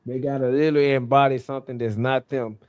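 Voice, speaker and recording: A man's voice: mid-range voice, fairly even intonation, fast talker, clear, resonant tone. Loose-talking man searching for words. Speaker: guest. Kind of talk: casual conversation.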